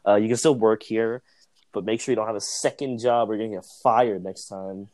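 A man's voice: lowish voice, fairly even intonation, brisk, darkish tone, dry recording, close to an everyday voice. A young man imitating his stern female boss in a casual story, barely changing his voice. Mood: smug.

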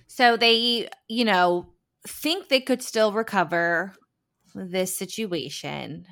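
A woman's voice: mid-range voice, slow pace, gravelly, fairly bright tone. A woman co-hosting a podcast in casual conversation, asking short questions and backing up her co-host. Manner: asks short questions and backchannels. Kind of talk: casual chat.

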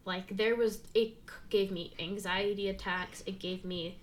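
A young woman talks openly in a relaxed, halting way, with frequent fillers and restarts. Her pitch sits mid-range. A faint noise floor lies under the recording. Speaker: guest sharing her story. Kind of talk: candid casual conversation.

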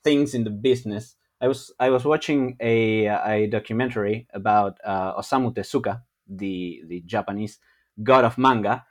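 A man's voice: lowish voice, normal speed. A man talking as a guest on a podcast, hesitant, with many restarts and frequent laughter. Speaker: guest artist. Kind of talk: casual podcast interview.

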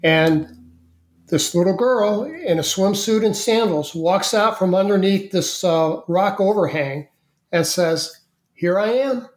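An interview guest telling a story in a casual, halting way, with many fillers and repeated words. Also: mid-range voice. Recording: echoey room.

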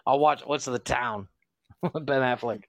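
A man's voice: mid-range voice, unhurried, no echo, highs cut off. A man co-hosting a podcast, joking loosely, laughing often and swearing freely. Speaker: podcast co-host. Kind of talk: casual banter.

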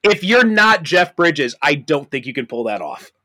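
A man's voice: a little high, big pitch swings, normal speed, pushed and bright, no room sound. A man hosting a podcast, chatting in a laid-back way with plenty of fillers. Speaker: podcast host. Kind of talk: casual chat.

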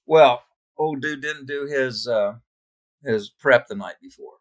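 A man's voice: medium pitch, a little slow. Guy nurse telling gross work stories, laughs a lot, casual. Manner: laughing, animated anecdotes. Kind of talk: casual storytelling.

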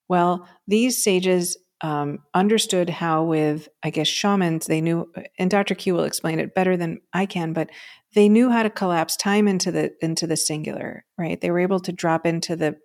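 A woman co-hosting a spiritual podcast speaks in a slightly low voice. She tells a long personal story in an easy, conversational way, scattering "um" and "right?" as she goes. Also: steady tone, moderate pace, a little mellow. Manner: storytelling, frequently asks "right?" and says "um". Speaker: podcast co-host.

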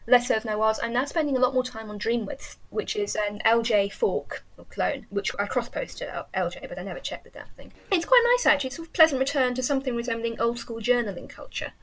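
A woman's voice: on the high side, fast, hardly any pauses, a bit bright. Chatty English woman, enthusiastic. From England. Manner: chatty, enthusiastic, restarts often. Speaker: interview guest, teacher. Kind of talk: casual chat.

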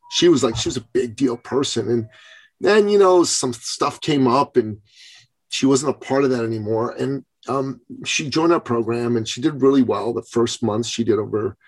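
A man hosting an interview, telling a business story in a casual, animated way and acting out the quotes. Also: mid-range voice, breathy edge. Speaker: podcast host.

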